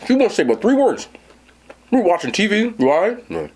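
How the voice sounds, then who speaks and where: Speaking briskly in a high voice, a man hosting a mukbang tells a story casually to his live chat. He's animated and talks directly to his viewers.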